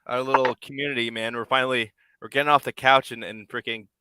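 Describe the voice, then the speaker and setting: A man's voice: medium pitch, steady tone, fast, crowd noise. A man hosting a live puppet-building stream, chatting casually and rambling, repeating himself and chuckling. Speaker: puppet-building livestream host. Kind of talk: casual chat while building. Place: home workspace.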